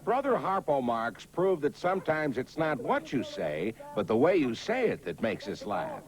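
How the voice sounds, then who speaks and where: A man narrates a compilation of vintage comedy scenes in a wry, presenting tone. His pitch rises and falls a great deal. A steady hiss runs under the recording. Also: normal speed. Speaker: documentary narrator. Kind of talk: scripted narration.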